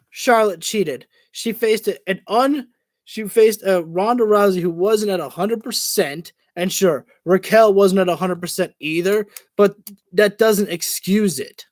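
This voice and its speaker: Brief: streamer, male, high voice, dry close sound, heated swearing rant. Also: no room sound. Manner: angry profane ranting. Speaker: livestream host reacting to wrestling. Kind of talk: live reaction commentary.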